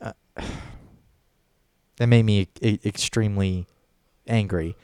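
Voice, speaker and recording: A man's voice: on the low side, fairly even intonation, takes it slowly, mellow, clean tone, no echo. A man telling a story in a casual podcast chat, rambling and swearing often. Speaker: podcast co-host.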